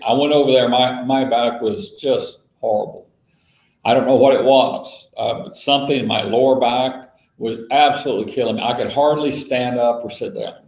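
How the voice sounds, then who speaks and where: A man's voice: mid-range voice, a little mellow. Folksy man leading an echoey Bible study. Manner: folksy storytelling, spells words out letter by letter. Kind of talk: casual teaching talk to a small group.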